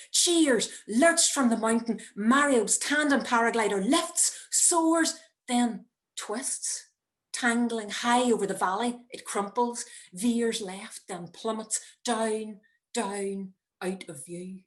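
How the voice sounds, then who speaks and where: A middle-aged woman, telling a personal story in a wry, measured way with dramatic pauses, recorded at home over a video call. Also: on the high side. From Northern Ireland. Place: home, indoors.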